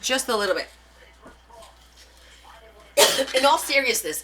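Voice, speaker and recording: A woman's voice: high voice, very animated, slow pace, long pauses, noisy background. A woman hosting a live craft stream, chatting casually with her viewers and answering their comments as she demonstrates. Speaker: craft livestream host.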